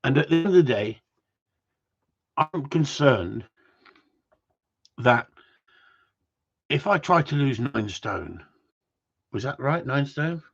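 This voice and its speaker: A man's voice: mid-range voice, expressive, slow pace, vocal fry, long pauses, breathy edge. Cheeky rambling man, lo-fi. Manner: rambling, cheeky, swears freely. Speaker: vlogger. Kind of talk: casual chat to viewers.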